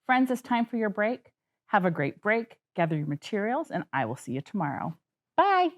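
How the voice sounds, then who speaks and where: A woman's voice: medium pitch, very animated, brisk, highs cut off. A woman teacher wrapping up a televised kindergarten lesson in a sing-song, encouraging way. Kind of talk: classroom broadcast wrap-up.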